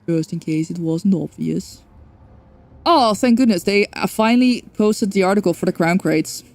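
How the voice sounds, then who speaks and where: A woman's voice: fairly low pitch, moderate pace, a little mellow. A young woman streaming a game, chatting casually and rambling, correcting herself and swearing now and then. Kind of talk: casual livestream chat.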